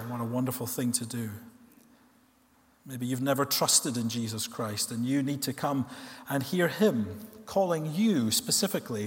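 A man preaching a sermon in a church, earnest, asking rhetorical questions and slowing down to stress key words. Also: medium pitch. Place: church hall. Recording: long reverb of a church hall.

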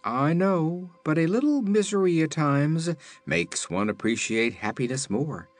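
A man's voice: fairly high pitch, animated, measured pace, soft background music, pitched above the performer's own voice. A man voicing a stern, reproachful wanderer in a storybook reading. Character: stern kindly shaggy wanderer, grown man.

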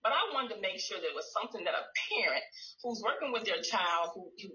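Animated woman speech pathologist, echoey room. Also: mid-range voice, a little fast. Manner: animated, demonstrates phrases to a child in a sing-song voice. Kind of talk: presentation to parents. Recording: echoey, slightly dull room audio.

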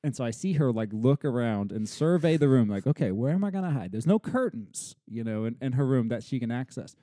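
Male podcast co-host, dad telling animated stories, warm dark tone, dry close sound. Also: mid-range voice, fairly quick, dry recording. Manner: animated storytelling, acting out his child's lines. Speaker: podcast co-host, father of a toddler. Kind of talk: casual podcast chat.

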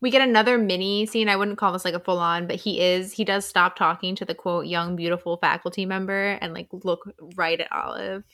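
A woman co-hosting a casual book podcast who jumps in with corrections and comments. Her voice is bright and clear. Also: lowish voice, fairly even intonation, fairly quick, few pauses. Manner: chatty, cuts in with corrections and commentary.

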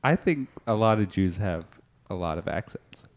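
Deadpan low-voiced man playing a teacher. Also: moderate pace. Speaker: mock improv teacher. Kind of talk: comedic improv sketch.

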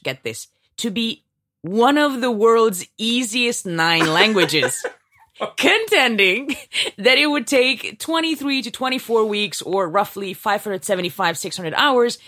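A woman's voice: a little high, fairly bright tone. A woman co-hosting a news podcast with a wry, teasing delivery. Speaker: podcast co-host.

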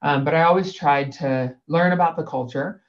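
In a casual conversation, a guest who works as a sales director meanders through a story about work, using many fillers and laughing easily. The mid-range voice moves at normal speed, and the sound is lo-fi.

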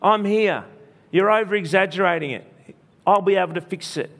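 Jesus, a firm and reassuring man, voiced by a male preacher in a sermon retelling. He sounds emphatic and somewhat high-pitched, with his voice lifting and getting louder as he presses his point. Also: normal speed, creaky. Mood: chiding.

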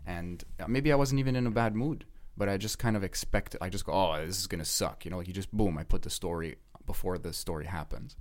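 Deep-voiced man rambling casually. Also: quick pace, few pauses, a little mellow. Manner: rambling, frequent fillers and swearing. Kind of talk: casual podcast chat.

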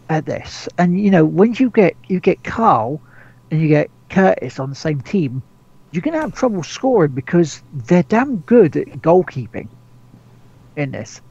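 A man's voice: on the high side, vocal fry, a little mellow, dull audio. A man co-hosting a gaming podcast, rambling casually, stumbling over repeated words and swearing freely. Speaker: podcast co-host.

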